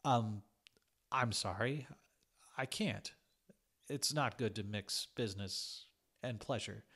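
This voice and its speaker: Man doing a young woman, shy, earnest, soft-spoken, sincere, storybook. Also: on the low side, takes it slowly, breathy edge, exaggerated voice.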